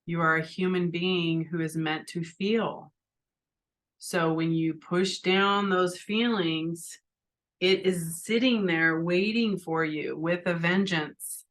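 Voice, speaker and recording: A woman's voice: on the low side, steady tone, takes it slowly, a bit bright. A middle-aged woman hosting a podcast, talking earnestly and from the heart, often restarting and asking "right?". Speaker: podcast host. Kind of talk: personal spiritual talk.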